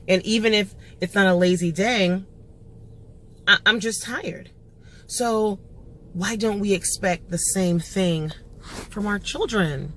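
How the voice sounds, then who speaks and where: A woman's voice: mid-range voice, slow. A woman in her thirties giving an earnest, encouraging casual talk to fellow homeschooling parents, with frequent um fillers.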